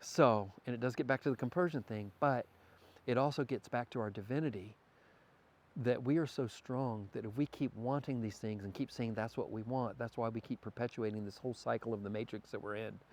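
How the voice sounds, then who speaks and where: A man's voice: mid-range voice, fairly quick, a little mellow. A man talking as a podcast guest, earnest and spiritual in manner, sometimes stammering as he thinks aloud. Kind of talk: casual conversation.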